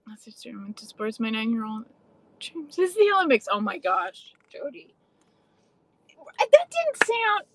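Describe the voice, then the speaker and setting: A woman's voice: fairly high pitch, sing-song, measured pace, no echo, low-quality recording. A young adult woman casually chatting on a livestream, swearing freely and answering viewers' comments. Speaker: livestream host.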